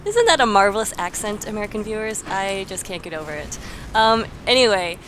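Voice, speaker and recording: A woman hosts a game-match broadcast in a chatty, excitable way, often pausing on "um" and "uh" as she talks through the action. A steady layer of noise sits clearly behind her voice. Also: medium pitch. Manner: chatty, excitable, many fillers. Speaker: host and caster. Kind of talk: casual game commentary. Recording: noisy recording.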